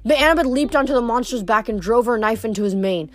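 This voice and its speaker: Woman reading a book out loud, kinda high voice, trips on words sometimes. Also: fast. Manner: casual, stumbles and self-corrects. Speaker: reader. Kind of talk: reading a novel aloud.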